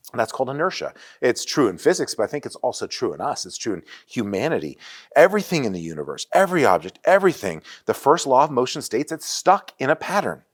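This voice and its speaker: A man in his forties preaching a sermon in a church, telling stories in an animated way with frequent restarts. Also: on the low side. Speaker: pastor. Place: church sanctuary.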